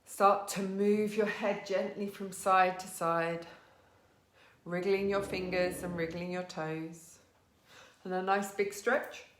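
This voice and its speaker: A woman teaching a live online yoga class from her living room, giving gentle, encouraging cues and greeting students by name. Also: on the low side, fairly even intonation, slow pace, reverberant, slight background noise. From England.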